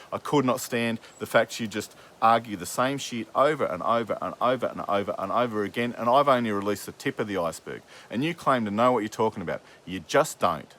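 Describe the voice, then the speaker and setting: A man's voice: mid-range voice, fairly bright tone. A man hosting a podcast who argues angrily with his father, swearing often and talking over him. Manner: angry and swearing, talking over the other speaker. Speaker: podcast host. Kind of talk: heated family argument.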